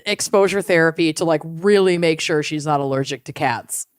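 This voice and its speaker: A woman's voice: low-pitched, normal speed, smooth, dry recording, studio quality. A woman co-hosting a podcast, chatting casually and enthusiastically with her friend. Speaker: podcast co-host. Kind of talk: casual chat.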